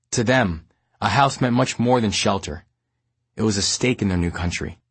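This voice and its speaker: A man from New York reading his memoir aloud as an audiobook, in a measured, steady storytelling manner. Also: fairly low pitch, slightly rough, no echo. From New York, United States. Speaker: memoir narrator.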